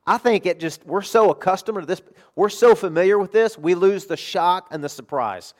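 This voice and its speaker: Animated emphatic male preacher. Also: high voice, normal speed. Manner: animated, emphatic preaching with sudden quiet asides. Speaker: pastor. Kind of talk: sermon.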